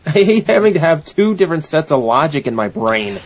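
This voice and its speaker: A man's voice: fairly high pitch, very animated, normal speed, slight background noise. A man co-hosting a casual wrestling podcast, swearing freely with a wry, exasperated manner. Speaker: podcast co-host. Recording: dull lo-fi audio.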